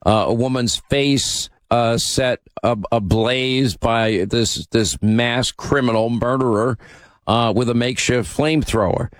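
A man's voice: mid-range voice, fairly even intonation, unhurried, no echo. A man hosting a talk radio show, speaking emphatically and with opinion, often using fillers. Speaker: host.

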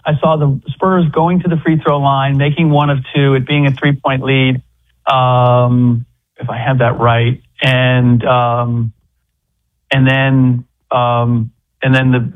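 A man's voice: medium pitch, phone-quality sound. A man giving casual basketball analysis as a remote guest, rambling with many restarts. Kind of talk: casual sports chat by phone.

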